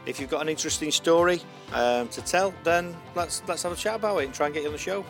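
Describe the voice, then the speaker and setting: A man's voice: a little high, fast, gravelly, over music. A man hosting an online radio show, chatting casually with fillers and restarts. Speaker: podcast host.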